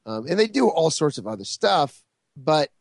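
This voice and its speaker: A man's voice: on the high side, sing-song, normal speed, creaky, no room sound, clean studio sound. A man co-hosting a podcast, chatting casually with joking, sarcastic asides. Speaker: podcast co-host. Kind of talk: casual chat.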